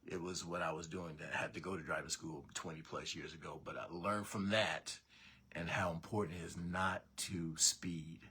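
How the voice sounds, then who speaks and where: A man hosting a casual morning sports show from his basement, rambling and correcting himself with animated asides. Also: low voice, moderate pace, slightly rough. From Northeast Tennessee. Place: home basement.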